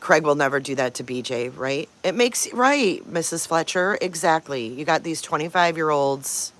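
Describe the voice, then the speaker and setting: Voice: medium pitch, lively intonation, normal speed, a bit bright. A livestream host chatting casually over morning coffee, stopping often to greet viewers by name and to coo at pet dogs.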